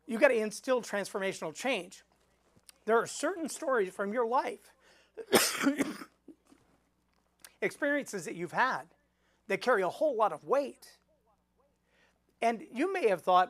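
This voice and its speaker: This middle-aged speaking coach leads a live storytelling webinar, acting out quoted voices in an animated way. His voice sits high, and he talks at normal speed with long pauses.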